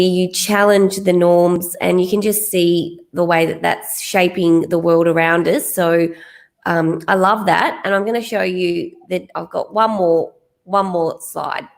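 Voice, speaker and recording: A woman hosting a podcast interview, enthusiastic and chatty, asking leading questions. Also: fairly low pitch. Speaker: podcast host. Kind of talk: casual interview.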